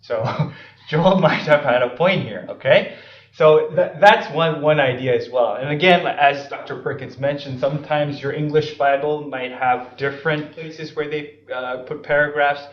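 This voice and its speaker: A man giving a seminary Bible study lecture, unhurried, with filler ums and frequent "right?" and "okay?" checks. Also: fairly high pitch. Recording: roomy, distant, slightly dull lecture recording.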